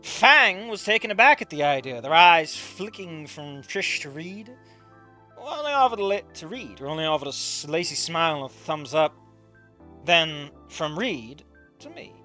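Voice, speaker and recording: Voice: medium pitch, expressive, moderate pace, bright, forceful tone, soft background music. A streamer reading through a game and ranting about its writing in a profane, exasperated way. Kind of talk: game playthrough commentary.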